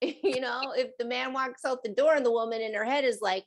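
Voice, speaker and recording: A middle-aged woman hosts a show about animal messages as an animal communicator, chatting casually, laughing often, and slipping into playful voices. Her voice is high-pitched at a moderate pace, with slight background noise.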